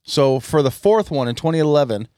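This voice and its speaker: A man's voice: fairly high pitch, expressive, brisk, mellow, no room sound, clean studio sound. A man co-hosting a casual podcast chat, laying out facts and retelling events in a matter-of-fact way. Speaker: podcast co-host.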